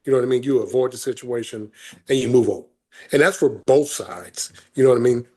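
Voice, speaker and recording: Husky man, easygoing. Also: mid-range voice, fairly quick, warm tone. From Helena, Arkansas, US South. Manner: easygoing, profane, laughs often. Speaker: podcast guest, military veteran. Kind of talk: casual podcast chat.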